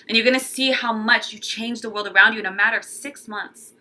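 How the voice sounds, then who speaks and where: A young woman talks through a tarot forecast in a casual, chatty way. Her voice is very bright and clear at a middle pitch. She gets animated and often acts out the lines of the people she describes. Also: brisk, hardly any pauses. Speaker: tarot reader.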